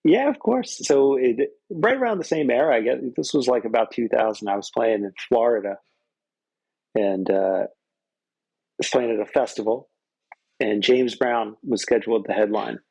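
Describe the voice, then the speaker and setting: Give me a husky-voiced man telling a loose, profane anecdote as a podcast guest. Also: mid-range voice, moderate pace, darkish tone, no room sound, low-quality recording. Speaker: guest musician. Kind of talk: casual storytelling.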